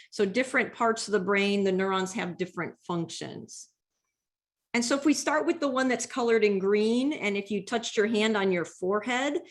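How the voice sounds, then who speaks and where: A woman lecturing on brain anatomy over slides, explaining step by step in a patient way with frequent ums. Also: on the high side. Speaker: neuroscience lecturer. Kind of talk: slide-based health lecture.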